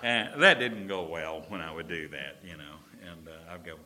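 Bright-voiced preacher man, booming and chatty. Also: a little hiss or hum. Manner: swings from loud drawn-out proclamations to low chatty storytelling. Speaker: pastor. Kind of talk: sermon.

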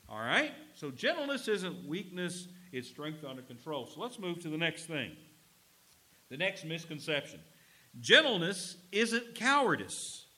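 A man preaches with a bright, ringing tone, full of energy. He teases his congregation with quick humorous asides. His volume rises hard on emphasis and falls to near-murmurs between points. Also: a little high, poor audio. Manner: swings between loud emphasis and quiet asides. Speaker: pastor. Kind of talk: sermon.

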